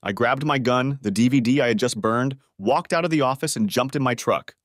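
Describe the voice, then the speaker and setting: A man's voice: mid-range voice, fairly quick, no room sound, studio quality. A man narrating a dramatic first-person story for an audiobook.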